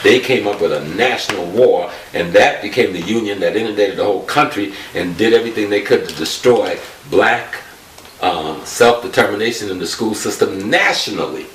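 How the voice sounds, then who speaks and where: Man with a lower voice, earnest and explaining, set back from the mic in a roomy space. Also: normal speed, a bit bright. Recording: distant echoey room with hiss.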